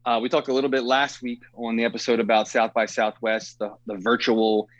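A man's voice: medium pitch, flat delivery, brisk, dry recording, muffled recording. A man hosting a casual movie podcast, rambling with lots of fillers and easy laughs. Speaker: podcast host.

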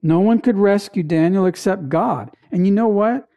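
A preacher delivering a sermon in an emphatic way, with dramatic pauses and repeated phrases. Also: mid-range voice, muffled recording.

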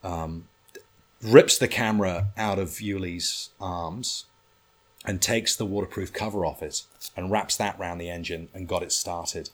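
A man telling a lively anecdote in casual talk, swearing freely and acting out what others said. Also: low-pitched, unhurried. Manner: animated, swearing, acts out others' lines. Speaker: storyteller guest.

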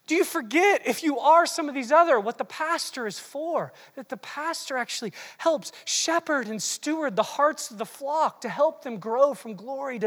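A preacher delivering an animated, teasing sermon that swings between quiet asides and shouted bursts, recorded in a large hall. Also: sits high. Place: large hall with long reverb. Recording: long hall reverb.

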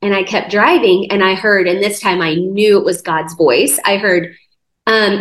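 A woman, a guest on a faith podcast, telling a personal testimony in a lively conversational way, with many "like" fillers. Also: medium pitch, a little slow. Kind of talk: conversational storytelling. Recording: roomy echo.

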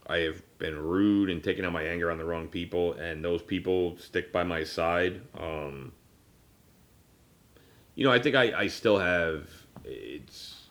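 A podcast host in his thirties speaks in a deep, fairly bright voice at a measured pace. His casual personal conversation rambles with many fillers and restarts, and at times he gets choked up.

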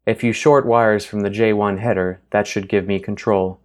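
A man voicing a calm, caring male car AI that speaks in a slow, measured, gentle way. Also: lowish voice, natural voice.

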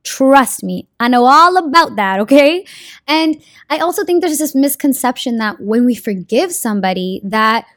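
A woman's voice: high-pitched, lively intonation, normal speed, fairly bright tone, dry recording, clean studio sound. A young woman talking casually and earnestly about a card of the day, with slang and swearing. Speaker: card reading vlogger. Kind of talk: casual spiritual advice monologue.

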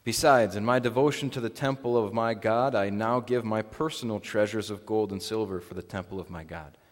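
A man serving as pastor, leading a baptism liturgy, prayers and a scripture reading in a solemn, measured way inside a church. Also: lowish voice. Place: church sanctuary. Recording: long reverb of a church hall.

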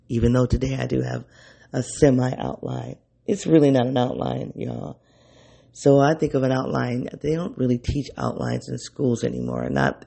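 Guy doing an unscripted solo podcast, mellow low-key morning voice, kinda rambly, thinks out loud. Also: creaky, breathy edge. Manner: rambling, self-correcting, thinks aloud. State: early-morning voice. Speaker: podcast host.

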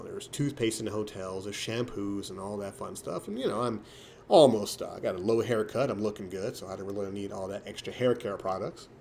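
Low-voiced man telling a rambling story. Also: a little hiss or hum. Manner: rambling, with sudden loud jumps in pitch. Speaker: vlogger. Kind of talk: casual storytelling monologue.

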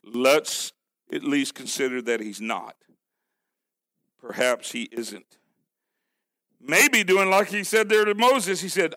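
High, bright-voiced male preacher. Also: takes it slowly, pauses often. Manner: emphatic, with rhetorical questions to the congregation; drops low and quiet to press a point. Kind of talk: sermon.

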